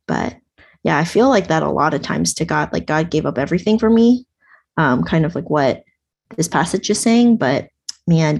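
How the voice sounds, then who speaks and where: Gravelly-voiced woman sharing in a group. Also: sits low, a little mellow. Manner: rambling, filler-heavy, self-questioning. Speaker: Bible study participant. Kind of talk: casual personal sharing.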